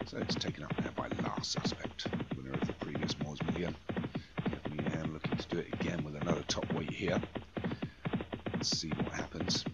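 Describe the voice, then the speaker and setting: A man calls a simulated horse race in a relaxed, joking manner and keeps correcting himself as he goes. His voice sits very low, and the lo-fi recording sounds muffled under loud music. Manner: chatty, jokey, self-correcting. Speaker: race commentator. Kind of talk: amateur horse racing commentary over a game.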